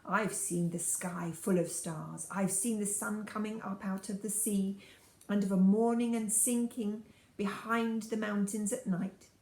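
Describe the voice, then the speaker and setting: A woman voicing a stubborn male Marsh-wiggle who talks loud and short of breath, in a voice with room echo. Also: medium pitch, steady tone, a little slow, natural voice. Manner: short of breath, dogged and forceful.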